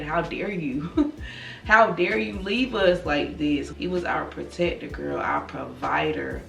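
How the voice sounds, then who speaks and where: A grieving woman in her thirties speaks slowly in a low, subdued voice, confiding in her viewers. She sits back from the microphone in a roomy space, and faint music plays underneath. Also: gravelly, distant mic. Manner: slow, soft-spoken, confiding, calls listeners girl and y'all. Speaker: vlogger. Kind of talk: personal direct-to-camera talk.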